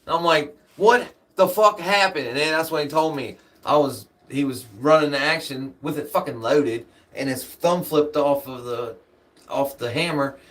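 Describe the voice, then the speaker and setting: A man's voice: medium pitch, normal speed, a bit bright. A man telling rambling, profane stories in casual chat, laughing often and drifting off on side tangents.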